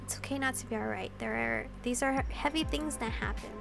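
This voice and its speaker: A woman reading a gentle woman doctor. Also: a little high, a little fast, gravelly, music in the background. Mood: reassuring. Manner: gentle and reassuring. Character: calm, kind female doctor counseling a young agent.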